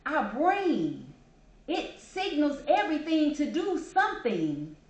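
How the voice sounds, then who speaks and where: Chatty woman in an echoey room. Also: a little high. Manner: emotional, chatty, smiles and laughs while talking. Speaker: host. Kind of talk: casual personal talk.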